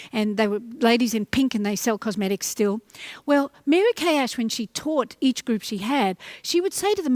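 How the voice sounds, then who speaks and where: A middle-aged woman giving a motivational talk to camera, animated and acting out little voices as she goes. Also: fairly high pitch, no echo. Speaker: motivational speaker.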